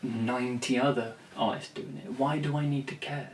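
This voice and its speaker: A man's voice: mid-range voice, fairly even intonation, moderate pace, a little hiss or hum. Male vlogger, blunt and rambly, swears, recorded roomy and off-mic. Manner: rambling, blunt, swears freely, many restarts. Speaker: songwriter and vlogger. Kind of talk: rambling talk to camera. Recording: roomy, distant from the mic, faint ambience.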